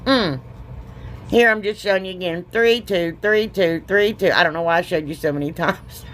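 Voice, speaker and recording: A woman's voice: fairly low pitch, moderate pace, fairly bright tone. Giggly, folksy woman crafter. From Ohio, US. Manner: giggly, chatty, self-deprecating, folksy. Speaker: DIY crafter, channel host. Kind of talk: casual crafting voice-over.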